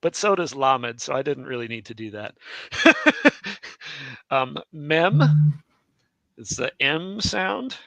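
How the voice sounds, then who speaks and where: Co-teaching a live Hebrew alphabet lesson, this man talks at an unhurried, slow pace in a fairly high voice that is bright and forward, with lively intonation and some vocal fry. Chatty and quick to laugh, he often corrects himself, and the recording is dry and close.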